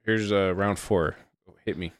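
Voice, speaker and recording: Laid-back young man, low voice. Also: fairly even intonation, measured pace, no echo. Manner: laid-back, swears casually, mumbled answers. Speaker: podcast host. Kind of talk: casual chat, quick-fire questions.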